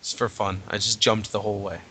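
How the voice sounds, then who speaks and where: A man co-hosting a podcast who tells lively game anecdotes and swears freely in casual chat. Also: on the low side, brisk, slight background noise. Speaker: podcast co-host.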